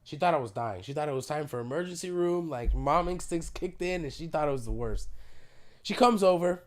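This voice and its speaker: A man on a podcast tells a story in a loose, animated way, swearing as he goes. His throat is sore, and his voice sits a little high for a man. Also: fairly quick. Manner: animated storyteller, swears freely, laughs through the telling. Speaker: podcast host. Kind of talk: casual chat.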